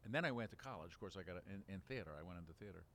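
Older deep-voiced man reminiscing. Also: lively intonation, rapid-fire, fairly bright tone, a little hiss or hum. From Baltimore. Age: 70s. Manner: rambling, many restarts and fillers, laughs while telling. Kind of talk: relaxed reminiscing interview.

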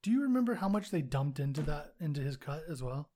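Mellow, laid-back podcast guy. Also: on the high side, big pitch swings, fast talker, slight background noise. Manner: laid-back, swears casually, brings up news items. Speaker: podcast co-host. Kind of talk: casual chat.

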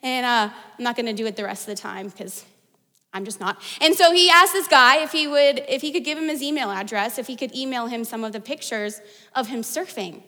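A woman pastor preaches in a high, bright voice, chatty and loose, with lots of casual fillers. Her words ring out with a long reverb, as in a large church auditorium. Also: a little fast. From United States. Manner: conversational, storytelling with fillers like "like". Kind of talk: sermon.

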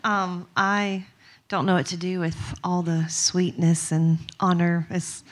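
A woman's voice: on the low side, little pitch movement, slow. A young woman from Mississippi with a strong Southern accent, chatting casually and giggly with lots of fillers. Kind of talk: casual chat to a group.

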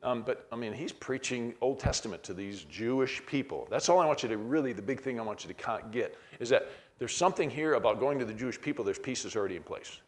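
A man's voice: mid-range voice, animated, quick pace. Middle-aged guy teaching a bible class, chatty, keeps restarting and reading passages out. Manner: conversational, many restarts, walks through verses aloud.

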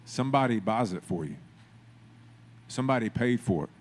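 A man preaching from the pulpit at a mid-range pitch. He talks it through in a relaxed, conversational way, then drives his points home with emphatic repetition. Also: normal speed. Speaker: pastor. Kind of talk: sermon.

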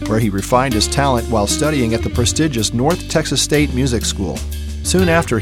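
A man hosting a podcast, reading a scripted introduction of his guest in a smooth announcer manner. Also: mid-range voice. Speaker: podcast host. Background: guitar music.

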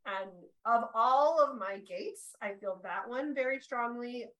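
Woman, podcast host, bubbly, talkative, crisp bright voice, casual chat. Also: a little high, unhurried, low-quality recording. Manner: tears up when excited.

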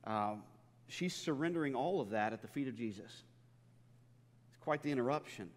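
A male pastor delivering a sermon, mixing personal stories and gentle humor, often stumbling over and repeating his words. His voice sits at an ordinary pitch and trails off into the long reverb of a big church hall. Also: lively intonation, normal speed.

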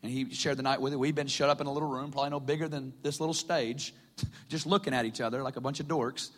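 A man's voice: mid-range voice, steady tone, fast talker, big-room sound. A man preaching, telling his testimony as a chatty story and laughing often along the way. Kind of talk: personal testimony sermon. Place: stage in a hall.

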